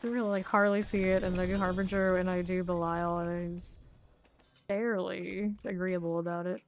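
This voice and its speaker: A woman's voice: on the low side, little pitch movement, moderate pace, a little hiss or hum. A woman streaming a game, chatting casually to herself as she plays, humming and counting under her breath. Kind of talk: casual gameplay commentary.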